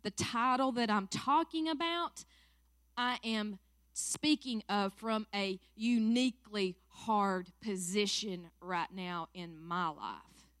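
A woman's voice: medium pitch, slow pace, a bit bright, dry recording. Earnest Southern woman with a dry sound. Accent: South Carolina Southern. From South Carolina, USA. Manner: emotional, earnest. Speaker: church staff minister. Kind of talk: prayer and personal testimony talk. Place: church.

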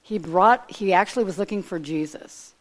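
A woman preacher delivers an informal, conversational sermon in a mid-range voice at normal speed. Retelling a Bible story, she digresses and speculates out loud.

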